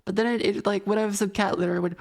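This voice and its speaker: Female streamer, casual chat, mid-pitched voice, loose and profane storytelling. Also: steady tone, rapid-fire, a little mellow. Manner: rambling, profane storytelling broken by laughter.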